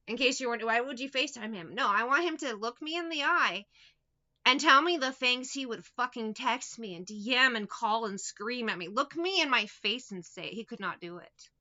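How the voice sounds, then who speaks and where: A woman chats through a tarot reading in a bright, slightly high voice, swearing freely and mocking the people she talks about. The recording sounds dull and lo-fi. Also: animated, moderate pace. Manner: profane, blunt and mocking. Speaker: tarot reader. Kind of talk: casual spoken tarot reading.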